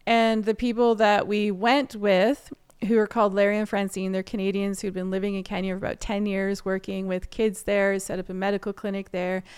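A woman in her thirties telling a story as an interview guest, in a chatty, animated way with frequent laughs. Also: mid-range voice, clean tone.

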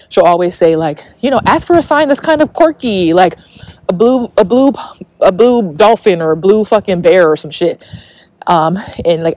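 A woman's voice: fairly low pitch, darkish tone, dry recording. A woman hosting a casual spiritual podcast, talking in a chatty way with lots of fillers and frequent swearing. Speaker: podcast host.

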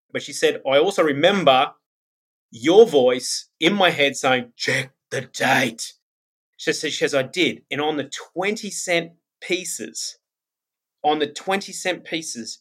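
Chatty man telling stories. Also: medium pitch. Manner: chatty storyteller, animated retellings. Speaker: podcast host and medium. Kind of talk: casual spiritual podcast monologue.

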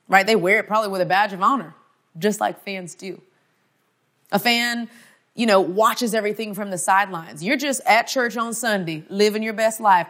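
A woman's voice: mid-range voice, a bit bright. A woman in her thirties giving a conference talk, telling a personal story with humor and preaching with strong emphasis. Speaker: speaker.

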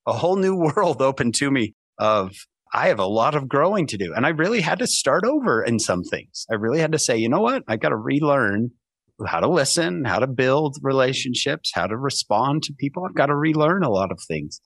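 A man telling stories as a podcast guest, acting out the people he quotes with lively jumps in his voice. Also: fairly quick, slightly rough, no echo. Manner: animated storyteller, acts out quoted voices with big pitch jumps. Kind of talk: casual storytelling.

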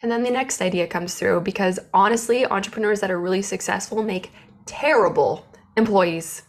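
A woman speaking candidly to camera about her life as an entrepreneur. Her telling is open and emotional, with big feelings put plainly into words. Her voice sits at an ordinary middle pitch for a woman. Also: brisk. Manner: open, emotional, animated storytelling. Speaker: business owner. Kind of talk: candid personal vlog.

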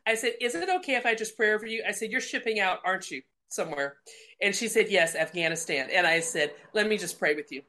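A woman telling a lively faith testimony, laughing and acting out the voices in her story. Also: medium pitch, fast talker. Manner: animated, laughing, acts out dialogue. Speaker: guest speaker. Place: lounge at home.

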